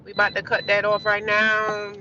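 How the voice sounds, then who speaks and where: A woman's voice: mid-range voice, completely flat delivery, moderate pace, bright, forceful tone, highs cut off, a little hiss or hum. A woman from New Jersey live-streaming, bluntly ranting at trolls and chatting casually with viewers.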